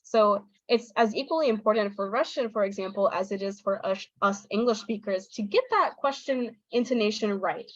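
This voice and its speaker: An American woman, a young adult, giving an online talk to English teachers, lively and acting out intonation patterns as she explains them. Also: dry recording, lo-fi sound. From United States. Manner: lively, demonstrates intonation with exaggerated pitch.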